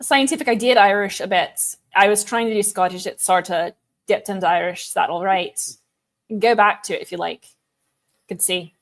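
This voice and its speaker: A woman co-host on a live stream, reading dry report text and chatting in a plain, slightly hesitant way. Her voice sits at an ordinary middle pitch. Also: normal speed. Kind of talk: livestream reading and chat.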